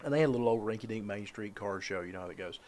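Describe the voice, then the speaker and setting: Man, quick talker, blunt, swears freely, casual chat. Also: on the low side, a little mellow, a little hiss or hum.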